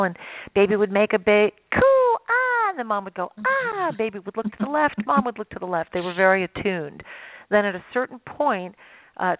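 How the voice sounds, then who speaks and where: A woman's voice: medium pitch, dry recording. A woman guest expert telling stories in a radio interview, acting out little voices as she explains. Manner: animated storyteller, acts out voices. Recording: dry, phone-like line.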